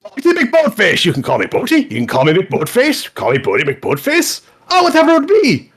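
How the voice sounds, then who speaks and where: A man's voice: high-pitched, wildly swooping pitch, brisk, a bit bright, slightly rough, voice pushed up, heavily acted. A man voicing a cheerful, chatty talking magic ship with a bubbly, exclamatory way of speaking. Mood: excited.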